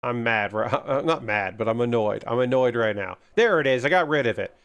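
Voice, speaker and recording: Male hobby streamer, casual and excitable, mutters to himself, swears a lot, ordinary mid-range voice. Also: medium pitch, brisk, highs cut off. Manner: excitable, gushing about kits. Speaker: livestreamer building model kits. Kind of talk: casual livestream chat.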